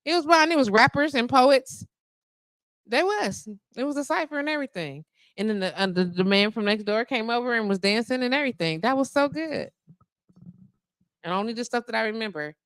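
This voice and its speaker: A woman's voice: on the high side, animated, brisk, fairly bright tone, no echo, clean studio sound. A woman hosting a live radio show, chatting casually, laughing often and cooing baby talk at her dog.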